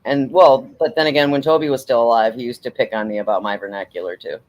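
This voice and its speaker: Minnesota guy w/ the accent, cussing and cracking up, casual chat, mid pitch. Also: fairly even intonation, quick pace, a little mellow. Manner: profane, laughing storyteller. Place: living in the US South.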